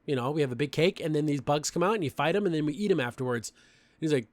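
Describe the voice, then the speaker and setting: With a fairly high voice and a fast delivery, a young podcast host recaps a cartoon episode in a chatty, opinionated manner packed with fillers. He comes from a Mexican family background, and the audio has no echo.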